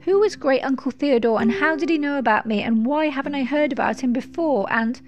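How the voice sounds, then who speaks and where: A woman's voice: sits high, fairly quick, muffled recording, music in the background, close to an everyday voice. A woman voicing an anxious young boy who pleads and tumbles out questions. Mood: bewildered.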